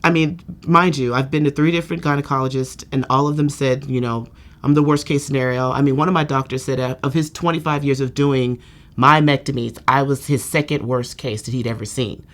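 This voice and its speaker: A woman speaks in a candid patient-testimonial interview. Her delivery is chatty and lively. She fills her sentences with "you know" and slips into the voices of the people she quotes. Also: very deep voice, brisk. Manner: lively, acts out quoted speech.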